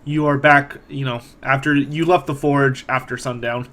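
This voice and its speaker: A man's voice: mid-range voice, steady tone, normal speed, fairly bright tone. A man narrating a tabletop game as game master, describing actions in the second person.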